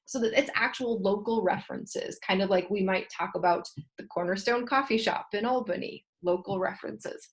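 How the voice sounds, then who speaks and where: A woman teaching a class, reading a textbook passage aloud and explaining it in steady, patient asides. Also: mid-range voice, normal speed, hardly any pauses.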